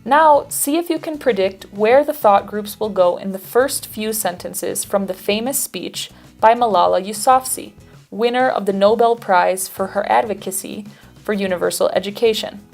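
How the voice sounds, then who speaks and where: A woman teacher giving scripted lesson narration in a clear, explanatory, evenly paced manner. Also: medium pitch, moderate pace, faint music behind.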